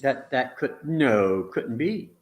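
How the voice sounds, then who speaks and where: A man with an expressive, medium-pitched voice speaks slowly as a relationship teacher in a casual conversation. He explains ideas bluntly, restarting sentences, swearing mildly, and acting out quotes.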